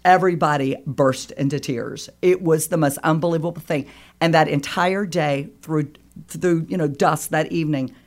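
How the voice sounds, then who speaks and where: A woman with a deep voice, speaking at normal speed, tells a personal story as a radio guest. She is animated and emotional, imitating the voices of those she quotes.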